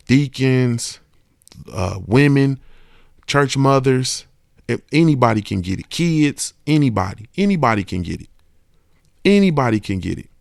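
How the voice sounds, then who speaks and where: Speaking with vocal fry at a medium pitch, this male podcast host rants casually and with emphasis, cursing often. He repeatedly asks "you understand what I'm saying" to make sure he's being followed. Clean studio sound, no room sound.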